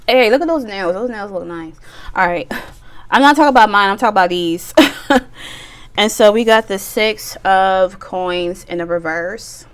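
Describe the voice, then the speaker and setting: A woman's voice: medium pitch, moderate pace, clear, resonant tone. A woman giving a casual pick-a-card tarot reading, chatty and playful, with bawdy jokes and bursts of laughter. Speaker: tarot reader.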